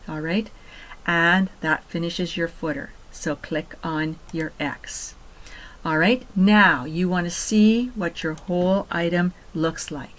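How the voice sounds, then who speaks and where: A woman teacher giving patient step-by-step instructions in a screen-recorded software tutorial, repeating key points. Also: low voice, poor audio. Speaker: computer teacher.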